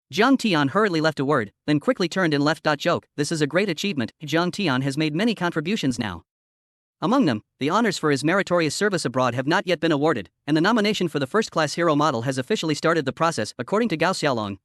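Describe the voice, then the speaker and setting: A man narrating a story recap in a rapid, even storytelling read. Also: fairly high pitch, no room sound, studio quality.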